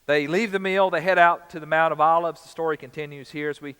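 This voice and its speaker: A man's voice: on the high side, fairly even intonation, fast talker, a bit bright, smooth, in a large hall. A man preaching a sermon as pastor, in a casual, conversational way, raising his voice when he acts out quotes. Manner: conversational preaching, dramatizes quotes with rising emphasis.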